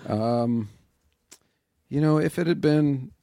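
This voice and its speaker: A man's voice: on the high side, slow, gravelly, mellow, no room sound. A man as a podcast guest, talking in a reflective, self-deprecating, wry way in casual interview chat on a close mic.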